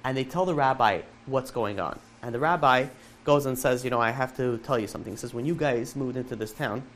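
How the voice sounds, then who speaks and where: A man, a rabbi, telling a moving story to a live audience, acting out the dialogue in quick asides. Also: medium pitch, fairly bright tone.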